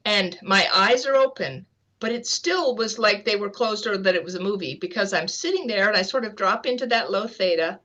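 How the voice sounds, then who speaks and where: A woman guest on an interview show, vividly recounting a personal experience in a conversational storytelling manner. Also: mid-range voice. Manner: vivid, animated anecdote-telling with light laughter. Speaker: guest author.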